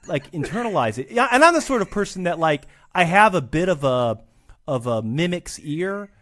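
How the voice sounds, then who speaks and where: A man's voice: a little high, very animated, moderate pace, fairly bright tone. A man chatting as a podcast guest, rambling and self-deprecating, often restarting his sentences. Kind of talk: casual chat.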